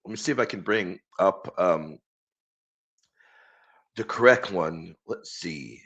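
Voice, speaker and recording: A man's voice: low-pitched, animated, slow pace, fairly bright tone, highs cut off. A man hosting a live stream, chatting casually and enthusiastically with viewers and reading quotes aloud.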